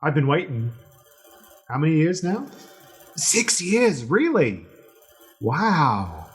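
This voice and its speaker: A man's voice: fairly high pitch, wildly swooping pitch, slow pace, faint music behind, voice pushed up, full character voice. A man voicing an effusive, over-friendly pirate king in a tabletop role-play game, in gushing, casual, slangy talk. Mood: boastful, eager.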